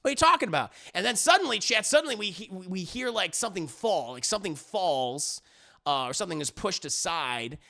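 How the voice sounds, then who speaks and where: Male reviewer, gravelly and bright, casual profane recap, acts out every line. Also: high voice, animated, fairly quick. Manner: rambling, profane, acts out the lines. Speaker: music reviewer.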